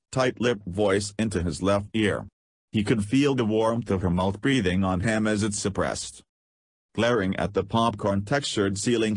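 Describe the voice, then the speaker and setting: A man's voice: fairly low pitch, slightly rough, no echo. A man narrating an audiobook, reading in a scripted way and voicing punctuation marks aloud.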